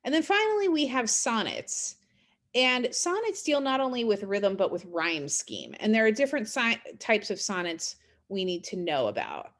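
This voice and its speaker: Her voice is mid-range and a bit bright, with big pitch swings, as she teaches a college English class in a recorded lecture. She talks through literary terms casually, dropping fillers and checking in with questions, and reads poetry aloud at a slow pace.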